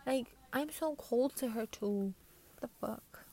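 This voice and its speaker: A woman's voice: a little high, slow. Profane ranting New young woman. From New York. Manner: profane, ranting, gets loud when riled up. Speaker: vlogger. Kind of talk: casual Q&A chat.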